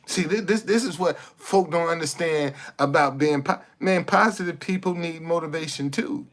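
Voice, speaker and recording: A man's voice: fairly high pitch, normal speed, a bit bright. A man hosting a casual livestream monologue, blunt and preachy, repeating himself and cursing. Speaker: livestream host.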